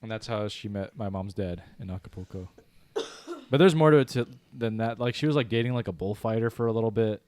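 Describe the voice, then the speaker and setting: A man's voice: lowish voice, a little fast, darkish tone, dry recording. A man co-hosting a podcast in casual chat, telling stories with frequent laughter and casual swearing. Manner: laughs often mid-story, swears casually. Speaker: podcast co-host.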